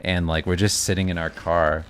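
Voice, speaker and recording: A man's voice: deep voice, level tone, normal speed, fairly bright tone, clear, resonant tone. A man chatting casually with dry, laid-back asides. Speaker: co-host, artist. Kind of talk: casual chat.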